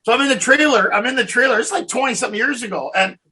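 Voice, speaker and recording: A man hosting a podcast, chatting casually with a guest, telling loud stories full of quoted dialogue and swearing. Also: extremely high pitch, racing. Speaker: podcast host. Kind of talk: casual interview chat.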